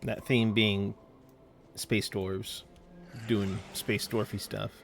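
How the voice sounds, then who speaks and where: Male streamer, low gravelly voice, easygoing rambling chat with viewers, faint game music under him. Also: little pitch movement, slow pace. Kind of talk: casual gameplay commentary, chatting with viewers.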